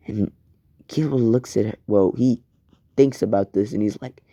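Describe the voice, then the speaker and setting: A man improvising a fan story out loud, rambling, swearing and correcting himself as he goes. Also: mid-range voice, measured pace, long pauses, no room sound.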